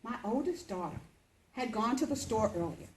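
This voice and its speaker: A woman in her fifties telling a personal story as a speech, lively and acting out the voices. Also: normal speed, echoey room, slight background noise, poor audio. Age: 50s. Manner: animated, acts out voices with big pitch jumps.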